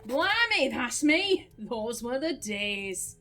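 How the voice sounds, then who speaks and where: A woman voicing a gruff old male farmer who guards his pig, in a grumbling put-on accent, while playing a game. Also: on the high side, sing-song, takes it slowly, pushed and bright, soft background music, heavily acted. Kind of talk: game let's play, reading dialogue aloud.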